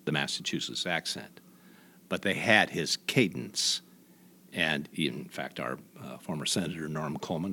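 A man from Indiana, a guest in an interview, telling stories in a halting way with many restarts. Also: very deep voice, vocal fry, pushed and bright. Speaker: guest, voice imitator. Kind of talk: reflective conversational storytelling.

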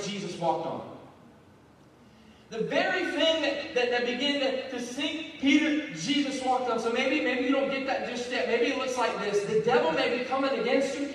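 A high-voiced male pastor delivering a fervent, repetitive sermon full of rallying calls. He sounds distant and boomy, as if recorded from far back in a large reverberant hall. Soft music plays behind him. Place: church sanctuary.

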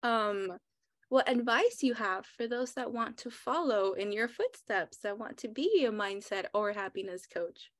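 A woman podcast host with a slightly raised pitch, interviewing a guest in a casual, encouraging way. She affirms often and laughs easily, and her voice comes across dry and close, with no room sound around it. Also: expressive, measured pace, a bit bright, no room sound.

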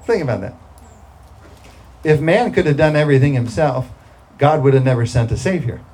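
A man's voice: mid-range voice, normal speed, dark tone, poor audio. A man preaching a sermon, talking through scripture in a conversational way and breaking into emphatic bursts.

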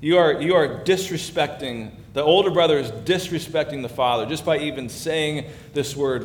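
Guy pastor giving a sermon, chatty then emphatic, roomy hall sound with a faint rumble under it. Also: normal speed, hardly any pauses. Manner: conversational, emphatic preaching that builds in force.

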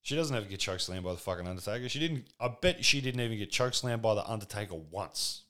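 Deep-voiced, crude comic. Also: male voice, animated, fast, pushed and bright. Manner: rambling, crude, sardonic, full of fillers. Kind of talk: profane comedic monologue.

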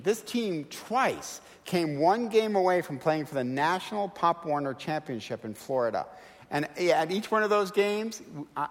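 A middle-aged man preaching a sermon, telling stories and acting out quoted voices in a lively, animated way. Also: on the high side, in a large hall. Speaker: guest preacher. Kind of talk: sermon with storytelling. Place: church sanctuary.

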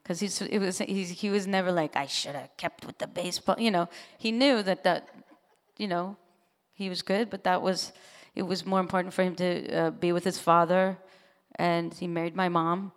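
An expressive woman musician talks in an interview, her voice sitting on the low side. Long hall reverb trails each phrase. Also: moderate pace. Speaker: musician guest. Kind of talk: interview conversation.

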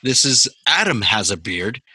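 A man's voice: medium pitch, big pitch swings, normal speed, bright, forceful tone. A man hosting a podcast over a video call, talking bluntly and emphatically and cursing heavily in casual chat. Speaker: podcast host.

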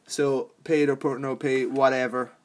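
Brief: young male podcast host, loose profane rambling, frequent laughs, mid-pitched voice. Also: level tone, measured pace. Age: young adult. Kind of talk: casual rambling monologue.

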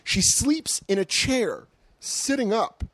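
A man hosting a comedy podcast, telling a story in a casual chat and acting out quotes with big jumps in pitch, swearing freely. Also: big pitch swings, takes it slowly, fairly bright tone, dry recording. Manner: swears freely, laughs through stories.

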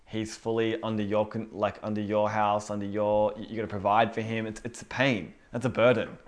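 A man's voice: lowish voice, level tone, fairly quick. A young man giving an informal, earnest sermon, chatty and full of fillers like "you know what I mean". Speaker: preacher.

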